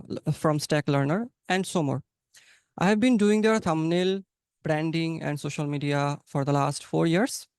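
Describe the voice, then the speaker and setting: A man's voice: fairly high pitch, a little mellow, clean tone, no echo, studio quality. Young Bangladeshi man hosting a chatty webinar. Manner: encouraging, chatty, playful. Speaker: English conversation practice host. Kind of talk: casual online class talk. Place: home, online webinar. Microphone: video call.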